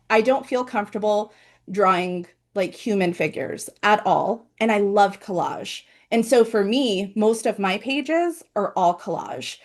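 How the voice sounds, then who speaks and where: A woman author hosting her own book launch over a video call, chatty and animated, with playful asides. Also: mid-range voice. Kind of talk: casual live presentation.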